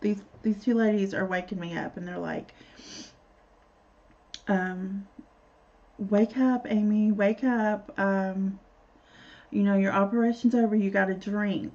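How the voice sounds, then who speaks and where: Casual vlog voice: young woman, gravelly and mellow tone, blunt and rambling, lo-fi sound. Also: medium pitch, fairly even intonation, unhurried, long pauses. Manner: candid, profane, rambling. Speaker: vlogger. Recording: dull lo-fi recording.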